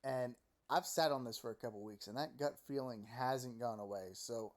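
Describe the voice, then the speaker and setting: Recorded at home with a desk mic placed close, a man rants about a video game in a loose, opinionated way, cursing and mimicking people in mocking voices. He's a gaming commentator with a mid-range voice and an ordinary speaking speed, and he stays animated throughout.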